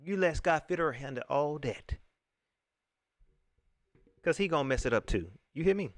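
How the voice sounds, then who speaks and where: Guy ranting on his fan livestream, pitch jumping all over, a bit high, dry close sound. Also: moderate pace, no echo. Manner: animated, repeats phrases, laughs often. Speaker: sports fan show host. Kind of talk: casual live-stream sports talk.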